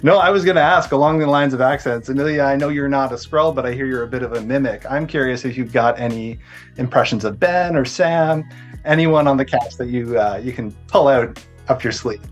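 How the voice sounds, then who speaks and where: A man's voice: mid-range voice, brisk, soft background music. A man interviewing actors, asking long, chatty questions filled with fillers. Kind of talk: press junket interview.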